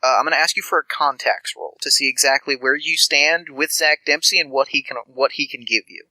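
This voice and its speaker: A man's voice: on the high side, a little fast, bright, forceful tone, dry recording, poor audio. A man running a tabletop game as game master, narrating in a loose, conversational way.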